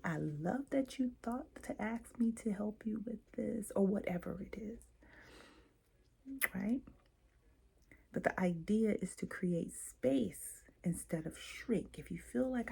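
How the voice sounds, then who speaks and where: A woman hosting a self-help talk, speaking slowly with a gravelly, slightly husky tone. Her voice is darker and mellow, and she coaches her listeners, acts out short example exchanges and asks them questions. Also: medium pitch. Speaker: host and coach. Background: quiet, late at night.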